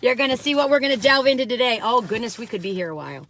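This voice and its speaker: A woman's voice: fairly high pitch, expressive, racing, fairly bright tone, a little hiss or hum. A woman reviewing pastries in a casual food vlog, recorded on her phone in a parked car, gushing and laughing often. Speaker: food vlogger.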